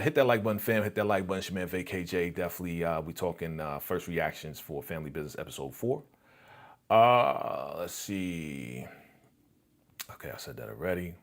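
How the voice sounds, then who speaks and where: A young man hosting a live reaction stream, retelling scenes animatedly and answering viewer comments in casual chat. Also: low voice. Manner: animated retelling of scenes, acting out characters' lines.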